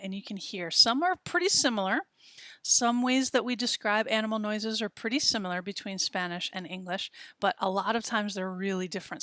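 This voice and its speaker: A woman teaching a beginner lesson, explaining patiently and repeating words, recorded in a quiet studio. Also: mid-range voice, dry recording. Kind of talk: classroom lesson narration.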